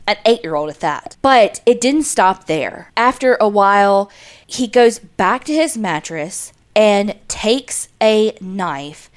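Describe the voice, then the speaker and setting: A woman co-host recounting a true crime case in casual chat. She tells it with animated energy, curses freely, and keeps a conversational storytelling pace. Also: mid-range voice. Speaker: podcast co-host.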